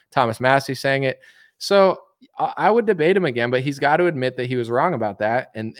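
A man streaming an opinionated political monologue, emphatic and mocking, acting out other people's replies in quick asides. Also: a little high, fairly bright tone, dry recording, clean studio sound.

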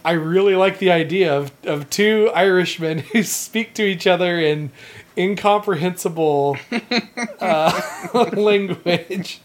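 A co-host in a casual comedy brainstorm pitches an idea in halting bursts. They restart often and laugh along at their own pitch.

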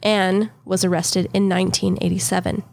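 A woman co-hosting a podcast, telling a true-crime story in a casual, steady way and laughing off interruptions. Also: medium pitch, moderate pace, gravelly.

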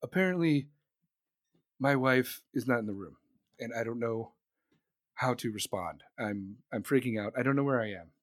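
A man's voice: medium pitch, expressive, voice pushed down, lightly acted. A man doing an impression of a confused, rambling elderly male president who mumbles and loses his thread. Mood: flustered. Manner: mumbling, meandering, halting.

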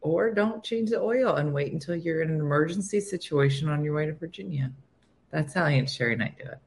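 A woman's voice: low voice, a little fast. A woman co-hosting a casual comedy chat who tells stories with animation and teases her co-host. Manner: animated storyteller, playful teasing.

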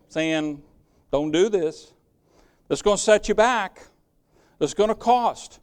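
A man's voice: sits high, a little mellow, clear, resonant tone. An older man preaching a sermon, earnest and conversational, with folksy asides. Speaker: pastor.

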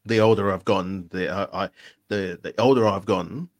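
Low-voiced rambling male co-host. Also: normal speed. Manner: rambling, with frequent restarts and fillers. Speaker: podcast co-host. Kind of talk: casual live-stream chat.

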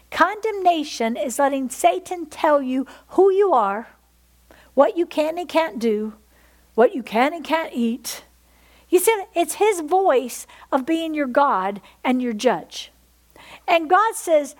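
Woman pastor, high-pitched, fervent sermon delivery, calls for amens. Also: expressive, a little slow. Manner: fervent, repeatedly asks the congregation "Amen?".

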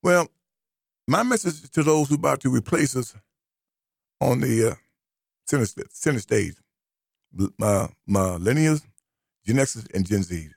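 A man's voice: medium pitch, expressive, unhurried, vocal fry, pauses often, slightly rough, no room sound, clean studio sound. A man hosting a radio talk show, delivering an emphatic, preachy commentary and repeating key phrases for stress. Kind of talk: opinionated radio commentary monologue. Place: radio studio.

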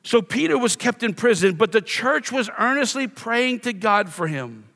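A man's voice: very high-pitched, very animated, moderate pace, vocal fry, sharp tone. A middle-aged man from Louisiana, a pastor preaching a sermon with a self-deprecating, playful personal story. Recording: long reverb of a church hall.

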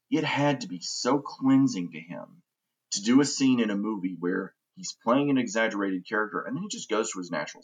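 A man with a deep, husky voice hosts a laid-back movie podcast. He rambles with eager opinions and often restarts his sentences mid-thought. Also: poor audio. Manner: opinionated and enthusiastic, frequent restarts. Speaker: podcast host. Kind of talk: casual podcast movie chat.

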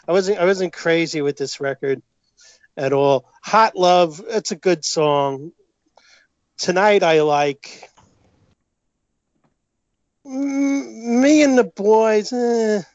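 A man's voice: sits high, slow pace, long pauses, no echo, muffled recording. A man with a New York accent, rambling through a story as a podcast guest, repeating himself and laughing as he goes. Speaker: guest, longtime fan. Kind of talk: casual chat, storytelling.

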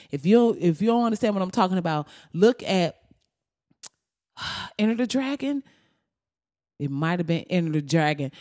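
A woman's voice: mid-range voice, dry recording, studio quality. A woman telling stories in a rambling, profane comedic monologue. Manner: loud, rambling, profane storytelling with frequent laughs.

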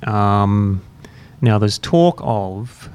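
A man hosting a podcast, chatting in a relaxed, rambling, self-mocking way while drinking beer. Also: on the low side, very slow, smooth. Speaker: podcast host. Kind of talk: casual chat. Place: university room, drinking beer.

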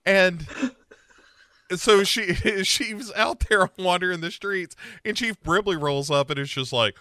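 A man's voice: high voice, unhurried, bright, forceful tone, dry recording, clean studio sound. A man co-hosting a podcast in casual chat, recapping a TV show and playfully acting out the characters' lines. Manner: playful, acts out characters' lines in funny voices. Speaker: podcast co-host.

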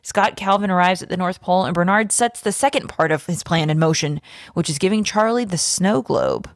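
A woman podcast host reading a fan theory aloud, with lively storytelling emphasis. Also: lowish voice, brisk, dry recording, studio quality.

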